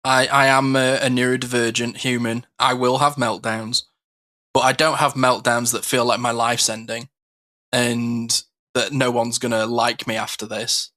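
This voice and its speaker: Bright, forceful man chatting. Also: mid-range voice, level tone, unhurried. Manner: chatty, acts out quoted exchanges, frequent fillers. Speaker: podcast co-host. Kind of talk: casual podcast chat.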